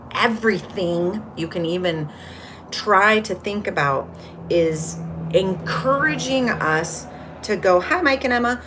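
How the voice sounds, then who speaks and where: A woman's voice: mid-range voice, a bit bright, a little hiss or hum. A woman hosting a casual spiritual livestream, chatty and rambling as she greets viewers from the chat. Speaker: livestream host.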